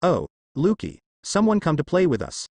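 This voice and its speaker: A man's voice: fairly high pitch, wildly swooping pitch, moderate pace, darkish tone, no echo, voice pushed up, exaggerated voice. A man voicing a teasing fallen-angel girl with a sing-song delivery.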